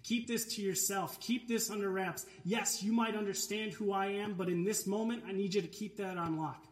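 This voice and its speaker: A man's voice: sits high, steady tone, moderate pace. A man, a pastor, preaching an earnest, emphatic sermon in a church sanctuary. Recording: echoey church room.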